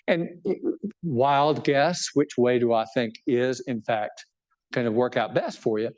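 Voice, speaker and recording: A man's voice: mid-range voice, big pitch swings, measured pace, darkish tone. A man, a bishop, giving an informal book talk to a live audience, conversational and joking, often checking in with his listeners. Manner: self-deprecating humor.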